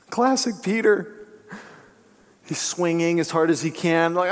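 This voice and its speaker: A man preaching a sermon, telling stories with animation and dropping to a hushed voice for emphasis. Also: high voice, a little slow. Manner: animated storytelling, drops to hushed tones for emphasis. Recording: long hall reverb.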